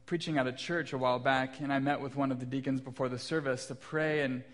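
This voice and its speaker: Pastor dad telling a sermon story. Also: male voice, mid-range voice, fairly even intonation, fast talker. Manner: warm storytelling with self-deprecating humor. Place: church sanctuary.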